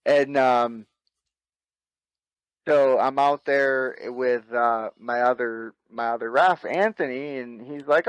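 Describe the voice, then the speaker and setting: A man's voice: medium pitch, takes it slowly, clear, resonant tone, no echo, rough recording. A middle-aged man, an airsoft field owner, telling stories in casual chat, laid-back and swearing freely with laughs. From North Carolina.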